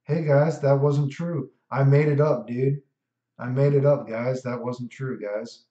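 A man's voice: medium pitch, steady tone, a little slow, warm tone. A man streaming a fighting game, commentating in a brash, boastful, profane way. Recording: echoey room, dull lo-fi mic.

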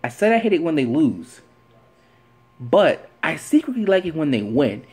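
This sports vlogger has a fairly high male voice with a breathy edge and talks at a normal speed. His commentary is an animated, opinionated rant full of rhetorical questions and phrases repeated for emphasis.

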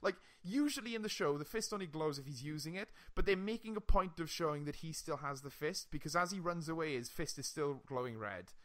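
Young man, podcast co-host, casual chat, slightly high voice, animated, swears and laughs a lot. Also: fairly quick, hardly any pauses.

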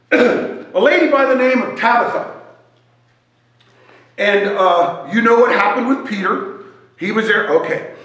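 A man telling a joking, animated story as a sermon at a church service. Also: very high voice, unhurried, long pauses. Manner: animated, joking storyteller who wanders while talking. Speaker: guest speaker at a church service. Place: church sanctuary. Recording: echoey church hall.

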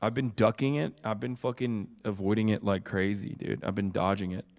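A man's voice: fairly low pitch, steady tone, a little fast, darkish tone. A man streaming live, chatting casually and crudely while tired and sick with covid. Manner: crude, swears a lot, jokey. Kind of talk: casual chat.

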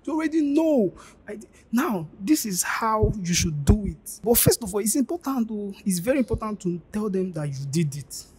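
A man talks through career advice like an informal lesson. His voice is very husky and rough-edged. He presses his points hard, pleading and repeating himself. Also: high voice, big pitch swings, normal speed, a little mellow. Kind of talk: informal teaching monologue.

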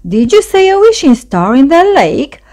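A woman voicing a greedy, croaky male frog in a storybook read-aloud. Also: high-pitched, very animated, normal speed, dark tone, pitched above the performer's own voice.

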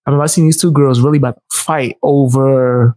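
Man, streamer reaction commentary, slangy and joking, dry close mic, middle pitch. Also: fairly even intonation, fairly quick, warm tone, no room sound. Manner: slangy, joking, talks back to the clip.

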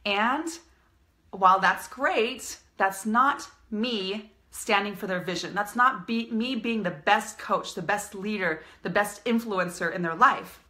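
A woman's voice: medium pitch, takes it slowly, pushed and bright. A woman business coach giving an upbeat, emphatic live-streamed coaching talk, repeating her key phrases.

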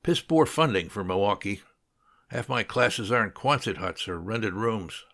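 A man's voice: on the low side, lively intonation, a little slow, a bit bright. A man reading a grumbling young repairman. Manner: complaining. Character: grumbling young male student, self-taught repairman.

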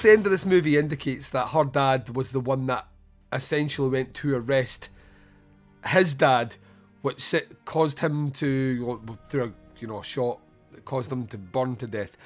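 A man's voice: medium pitch, expressive, moderate pace, soft background music. Chatty, sweary podcast host, man. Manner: swears casually, laughs often, retells scenes with lots of fillers. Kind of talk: casual film review chat.

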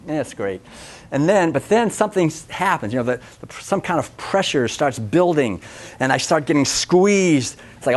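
A man giving an animated, conversational public talk at a festival, often acting out voices. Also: fairly high pitch, moderate pace. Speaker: speaker.

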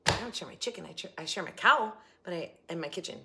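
A woman's voice: fairly low pitch, animated, fast talker, vocal fry, very noisy. A woman hosting a casual shopping haul vlog from her home kitchen, chatty and rambling, often cutting herself off mid-thought. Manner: chatty, rambling, self-interrupting. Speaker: channel host. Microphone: phone camera.

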